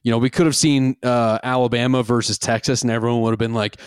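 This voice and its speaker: A man's voice: medium pitch, level tone, fast, hardly any pauses, smooth, dry recording, studio quality. A man co-hosting a casual sports podcast, talking earnestly and thinking aloud with restarts. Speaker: podcast co-host.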